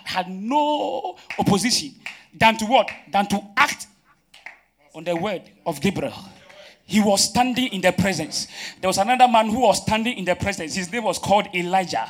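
High-voiced preacher man. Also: animated, moderate pace, a bit bright, a little hiss or hum. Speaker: pastor. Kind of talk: sermon. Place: church.

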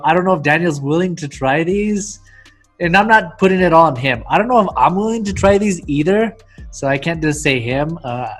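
Chatty man hosting over a video call. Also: on the high side. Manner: chatty, laughs often. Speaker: host. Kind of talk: casual chat on a video call.

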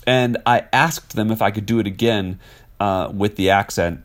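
Low-voiced man telling stories. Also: fairly even intonation, normal speed. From Wisconsin, USA. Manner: rambling, many fillers, laughs often. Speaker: actor guest. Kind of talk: casual interview storytelling.

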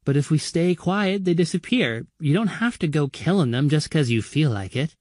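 A man's voice: on the high side, animated, moderate pace, a little mellow, no room sound, studio quality, pitched above the performer's own voice. A man reading an audiobook, voicing a timid teenage girl who speaks in broken grammar and pleads to help. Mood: prying. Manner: ungrammatical, pleading.

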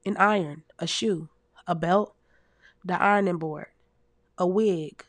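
A woman in her thirties telling comic stories to her audience in a casual, animated, heavily profane way, laughing often as a podcast host. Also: lowish voice, takes it slowly, no room sound. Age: 30s. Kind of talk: casual comedic storytelling.

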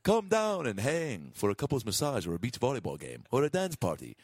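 A man voicing a mock resort commercial announcer in a slow, low, smooth sales delivery. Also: wildly swooping pitch, slight background noise. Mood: salesy.

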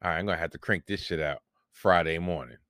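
A man's voice: low-pitched, fast, a bit bright, no echo, studio quality. A man, hosting a solo podcast and telling a long, rambling, profane story about himself with self-mocking humor. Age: 40s. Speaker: podcast host.

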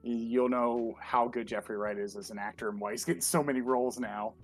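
A man co-hosting a casual podcast chat, an excitable fanboy who leans on fillers. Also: mid-range voice, a little fast, soft background music. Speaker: podcast co-host. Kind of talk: casual chat reviewing a show.

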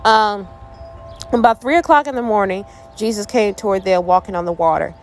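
A woman's voice: medium pitch, brisk, soft background music. Playful woman reading and riffing on scripture. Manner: playful, jokey asides while reading scripture; reflective, earnest when applying the passage. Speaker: Bible study host. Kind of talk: casual Bible study talk.

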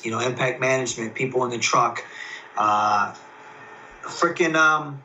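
Excitable man, bright voice, a bit distant. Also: mid-range voice, a little slow, pauses often, slight background noise. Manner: excitable, rambling, frequent fillers and restarts. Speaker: professional wrestler, guest. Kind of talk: casual interview storytelling.

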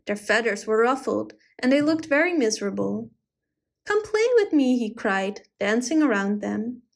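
A woman narrating a children's story aloud in a gentle, expressive reading style. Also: a little high.

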